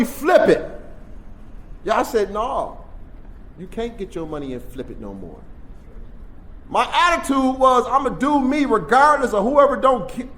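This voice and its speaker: Animated man sharing his recovery story. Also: very high-pitched. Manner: streetwise storytelling, swings from hushed to loud. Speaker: recovery meeting speaker. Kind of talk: personal recovery share at a workshop. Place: convention workshop room.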